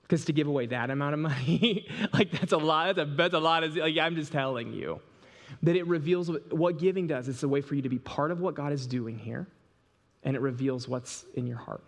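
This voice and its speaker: A man preaching a sermon as pastor, talking in an animated, conversational way with lots of fillers and restarts. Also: mid-range voice, in a large hall. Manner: reads scripture slowly and deliberately.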